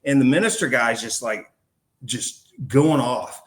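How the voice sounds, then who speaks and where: Man, podcast guest, casual slangy storytelling, mid-pitched voice. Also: lively intonation, moderate pace, fairly bright tone. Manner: casual and slangy, calling the host man and dude. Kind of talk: recounting a personal story in a podcast interview.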